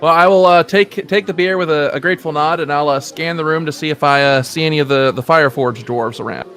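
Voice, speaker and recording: A man's voice: on the high side, fast, fairly bright tone, soft background music. A man playing a tabletop game, speaking hesitantly with many stammers and fillers. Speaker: player.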